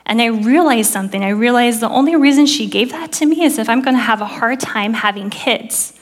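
Woman, 30s, church speaker; earnest testimony storytelling, hushed on quoted prayers. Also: on the high side, brisk. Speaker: preacher sharing testimony. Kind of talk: sermon testimony.

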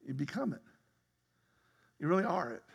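A man preaching a sermon as pastor, talking conversationally, laughing often and breaking into sudden loud outbursts. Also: a little high, big pitch swings, normal speed, vocal fry, slightly rough, in a large hall. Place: church sanctuary.

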